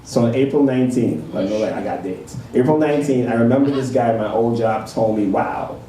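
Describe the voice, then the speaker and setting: A man's voice: medium pitch, fast talker, mellow. A laid-back man hosting a casual interview, asking questions and reading quotes aloud to his guest. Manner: laid-back, laughs easily. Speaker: interview host. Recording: echoey room from far off, faint noise.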